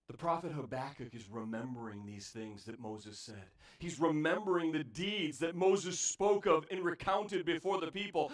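A man preaching with a fairly high voice that swings from near-shouts down to hushed pleading. He sounds set back from the mic, and his voice rings around a roomy, echoey church sanctuary. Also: moderate pace, few pauses. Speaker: pastor. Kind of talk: sermon. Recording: echoey church room, voice heard from a distance.

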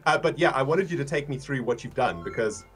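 A man's voice: mid-range voice, expressive, brisk, fairly bright tone, faint music behind. A man chatting casually on a livestream, laughing often and reading out donations.

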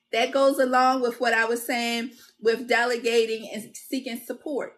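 A woman's voice: fairly high pitch, level tone, a little slow, fairly bright tone. A woman hosting a self-care video, giving an encouraging talk with a repetitive, preacher-like cadence and addressing her viewers as y'all. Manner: casual and conversational with confessional asides. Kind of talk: motivational self-help talk.

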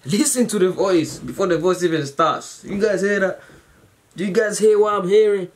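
Chatting loosely to camera as he hosts a reaction video, this man rambles with plenty of slang and filler words, clearly thrilled and thankful. His voice sits high and moves at a normal speed.

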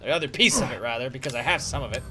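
A man hosting a casual let's-play video, playful and excitable and swearing freely as he narrates his gameplay. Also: medium pitch, very fast. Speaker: gaming video host. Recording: noisy game audio behind the voice.

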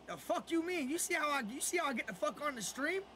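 A man's voice: very high voice, big pitch swings, fast talker, crowd noise. A man live-streaming a football video game, ranting at viewers in casual, profane chat and repeating himself as he goes.

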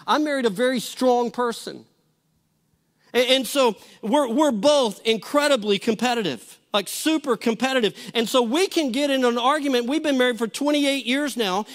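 A man's voice: very high-pitched, fairly bright tone. A middle-aged pastor preaching a sermon to a church audience, folksy and storytelling, often restarting his phrases.

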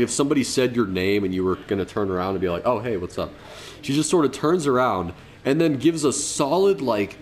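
A young man, a podcast co-host, telling a story in loose, profane casual chat and laughing often. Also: medium pitch. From Colorado.

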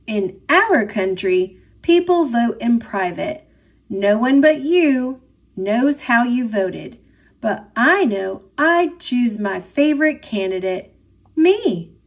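An American woman reads a children's picture book in an expressive, sing-song storytelling manner. Her voice sits high and moves around a lot, and she takes her time with each phrase. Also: slow. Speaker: storybook reader. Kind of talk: picture book read-aloud.

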